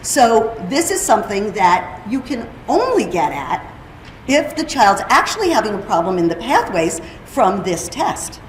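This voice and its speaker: A woman's voice: mid-range voice, big pitch swings, measured pace, a little hiss or hum. A woman giving a conference presentation, explaining her topic and putting questions to the audience. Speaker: presenter on hearing and speech. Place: conference room. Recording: roomy hall with faint ambience.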